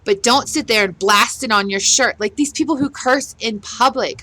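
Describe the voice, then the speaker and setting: A woman's voice: a little high, moderate pace, hardly any pauses, pushed and bright, rough recording. A middle-aged woman, a gaming vlogger, ranting bluntly and with exasperation in a casual chat while she plays. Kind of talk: casual rant while playing.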